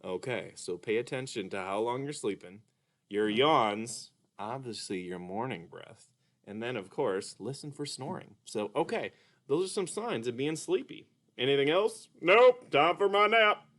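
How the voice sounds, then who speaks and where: A man teaching children in a gentle, patient way during a puppet lesson. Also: medium pitch, animated, normal speed. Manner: gentle, patient, explaining to kids.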